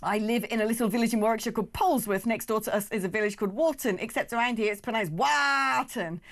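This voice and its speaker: A woman hosting a radio phone-in, briskly reading out listener messages and answering callers. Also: fairly high pitch, fairly even intonation.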